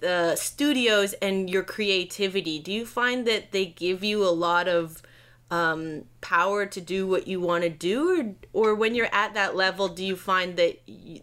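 A woman's voice: fairly low pitch, unhurried, fairly bright tone. A woman podcast host asking long, curious questions in a casual interview. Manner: curious, rambling questions with fillers.

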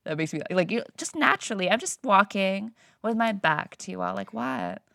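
Woman comic guest, bright low-ish voice, dry close sound, laughs a lot. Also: gravelly, no echo. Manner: animated, laughing, quick asides. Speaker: guest comedian. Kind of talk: casual interview chat.

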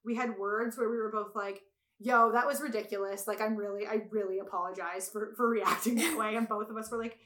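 A woman telling a story in casual chat, animated and swearing freely, acting out what people said. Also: mid-range voice, a little fast. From Italian heritage. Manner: animated storyteller, swears a lot, acts out quotes loudly.

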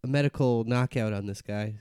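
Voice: medium pitch, fairly quick, mellow, smooth, no room sound, clean studio sound. A performer in an improvised comedy scene, hesitant and unsure as a fake doctor.

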